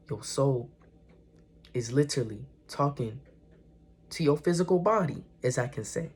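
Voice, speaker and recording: A man's voice: medium pitch, vocal fry, a little mellow, a little hiss or hum. A young man vlogging casual spiritual encouragement, earnest and slangy, often repeating and correcting himself. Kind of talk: casual motivational talk to camera.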